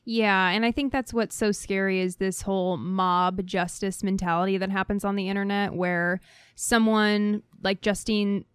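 A woman co-hosting a podcast, chatting casually with quick, wry remarks. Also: medium pitch, steady tone, smooth, no room sound, clean studio sound. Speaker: podcast co-host. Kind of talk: casual chat.

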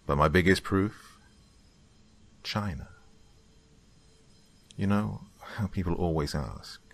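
Deep-voiced man narrating a dark tale. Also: expressive, takes it slowly, creaky, long pauses, husky. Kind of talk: scripted horror story narration.

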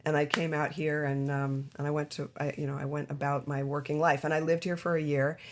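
A middle-aged actress talking about her career as a podcast guest, animated and chatty, often breaking into laughs. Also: low-pitched, a little fast. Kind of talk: casual interview chat.

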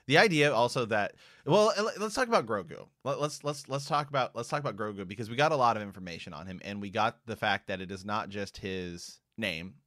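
Man, podcast co-host, casual, chatty, lowish pitch, bright tone. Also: animated, fairly quick, hardly any pauses, dry recording, studio quality. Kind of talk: casual fan discussion.

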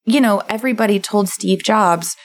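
A woman's voice: medium pitch, moderate pace. A woman co-hosting a podcast, explaining a book's ideas in a casual, list-by-list way. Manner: explains in lists, acts out quoted voices. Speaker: podcast co-host summarizing a book. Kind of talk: casual chat.

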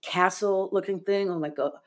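A woman as an interview guest, telling a deeply personal story in an earnest, heartfelt way, with frequent "like" fillers. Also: fairly even intonation, moderate pace. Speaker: podcast guest.

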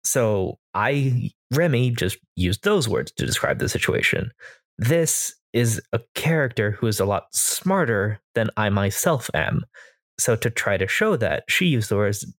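A man's voice: on the low side, sing-song, a little slow, a bit bright, dry recording. American man explaining, dry close sound. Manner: explanatory, giving tips at length. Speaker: podcast host and game master. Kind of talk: casual chat.

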